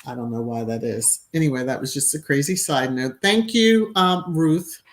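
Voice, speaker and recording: A woman's voice: very deep voice, moderate pace. A middle-aged woman hosting a casual live stream, reading viewer comments aloud, laughing often and breaking into little sung phrases.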